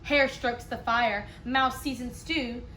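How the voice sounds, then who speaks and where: A woman kindergarten teacher reading a picture book aloud, expressive, with playful asides to the children. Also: a little high, slow pace, slight background noise. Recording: echoey room.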